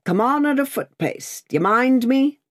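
A woman voicing a gruff, suspicious male coach guard who barks threats and challenges, in an audiobook. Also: sits high, expressive, a little slow, voice pushed up. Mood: threatening. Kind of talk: audiobook character voice.

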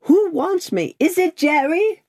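A woman voicing a mild-mannered, nervous gentleman passenger whose speech quavers, in an audiobook. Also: medium pitch, sing-song, slow pace, no room sound, clean studio sound, pitched above the performer's own voice, exaggerated voice. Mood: anxious. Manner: mild and tremulous. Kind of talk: audiobook character voice.

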